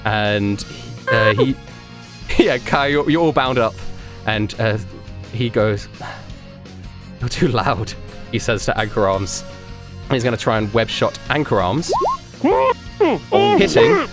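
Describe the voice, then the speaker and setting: A man's voice: lowish voice, unhurried, over music. A man narrating as game master, rambling with many fillers. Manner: rambling, filler-heavy, animated.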